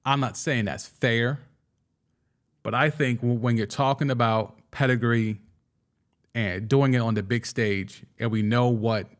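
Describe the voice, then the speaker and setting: Excitable man riffing on football. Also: medium pitch, unhurried. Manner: excitable, with frequent restarts and stammers. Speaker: sports show host. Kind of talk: casual sports commentary, reading viewer comments. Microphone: studio microphone.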